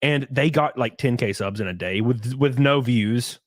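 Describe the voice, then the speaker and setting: A young man hosts a casual podcast chat, excitable and joking, with plenty of swearing. His voice sits at an ordinary pitch for a man. The sound is dry and close, with no room around it. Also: normal speed, dry recording. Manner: excitable, swears a lot, jokes with mock voices. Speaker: podcast host.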